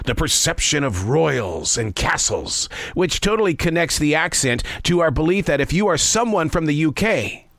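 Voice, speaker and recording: A man's voice: on the high side, fairly bright tone, dry recording. A man in his sixties hosting a scripted spoken essay, folksy and conversational with playful asides. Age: 60s. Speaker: host. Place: living in the American South.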